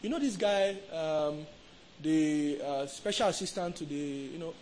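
A man impersonating a showy Nigerian returnee who fakes a foreign accent, drawling through halting fillers. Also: a little high, darkish tone, close to an everyday voice, rough recording. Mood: affected.

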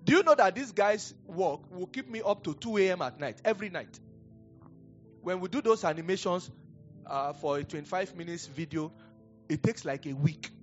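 A man's voice: high voice, expressive, moderate pace. A middle-aged man with a Nigerian accent, a pastor preaching a sermon in a chatty, rambling way, breaking off into stories with chuckles. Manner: conversational, digressive storytelling with chuckles. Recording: dull lo-fi sound with faint music.

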